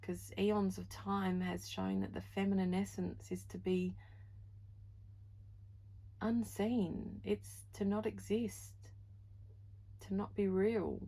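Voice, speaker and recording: A woman's voice: medium pitch, flat delivery, takes it slowly, creaky, pauses often, mellow, breathy edge, rough recording. A woman giving a pick-a-card tarot reading, gushing and heartfelt, full of "like" and "you know", moved close to tears. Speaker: tarot reader.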